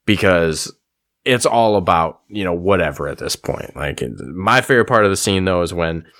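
A man co-hosting a casual film discussion, animated and swearing often, with many fillers. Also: sits low, moderate pace. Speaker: podcast co-host.

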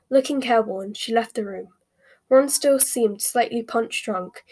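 A woman reading a novel aloud as narrator, steady and measured. Her voice sits fairly high with a soft, breathy texture. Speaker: audiobook narrator. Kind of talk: scripted narration.

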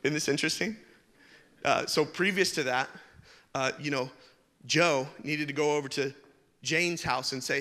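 A high, bright male voice preaching with a joking, conversational touch. His words ring out with a long hall reverb behind them, and he shifts easily between stories and the message. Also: normal speed. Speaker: pastor. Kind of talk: sermon with humorous stories.

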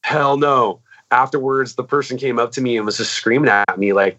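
A man's voice: mid-range voice, steady tone, moderate pace, pushed and bright. Man, musician, casual chat, rambling, profane, muffled lo-fi sound. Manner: rambling and profane, full of "like" and "dude". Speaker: musician in a band.

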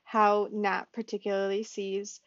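A woman's voice: mid-range voice, completely flat delivery, unhurried, dry recording. A woman guest on a podcast, thinking aloud in a casual, reflective way. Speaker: podcast guest, fanfic writer. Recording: dull lo-fi audio.

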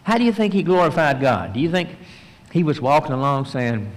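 A male pastor preaches in a sanctuary, and his voice carries a long reverb through the hall. He speaks a little high for a man and tells the story vividly, acting out the voices of its people. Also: big pitch swings, fairly quick. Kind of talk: sermon.

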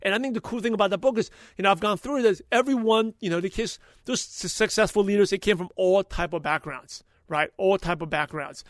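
Rapid-fire high-voiced motivational man. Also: dry recording, studio quality. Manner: energetic, motivational, talks fast when passionate. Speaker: podcast host. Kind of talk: enthusiastic podcast recap.

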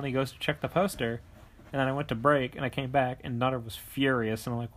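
A young man co-hosting a casual chat, blunt and animated, swearing freely as he tells stories. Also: mid-range voice, brisk. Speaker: podcast co-host.

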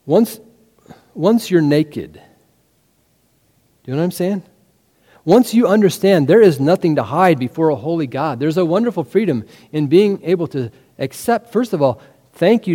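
A male pastor preaching in a church, pressing his listeners with one rhetorical question after another. His voice sits a little high with a mellow, soft-edged tone. The sound rings out with a long hall reverb. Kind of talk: sermon.

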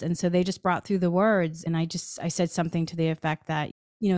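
A woman podcast host telling a personal story in an animated way, acting out her own lines of dialogue. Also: fairly low pitch, normal speed, smooth, no room sound, clean studio sound.

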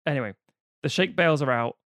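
A man, recapping a film on a podcast in a casual, sweary, mocking way, putting on quick voices for the characters. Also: mid-range voice, a bit bright, no echo, clean studio sound. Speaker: podcast co-host.

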